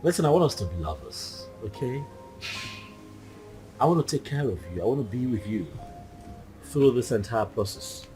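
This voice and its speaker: A man's voice: mid-range voice, animated, moderate pace, pauses often, warm tone, soft background music, lightly acted. An actor playing an earnest man who tenderly courts a pregnant woman, coaxing and pleading. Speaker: actor in a Nigerian film. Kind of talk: film drama acting.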